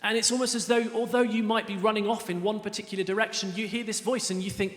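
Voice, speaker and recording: A middle-aged man delivers an earnest evangelistic talk in a chatty, storytelling way. His voice sits fairly high for a man. The sound is roomy, with a long hall reverb around it. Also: flat delivery, fast, a bit bright. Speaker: speaker. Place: lecture hall.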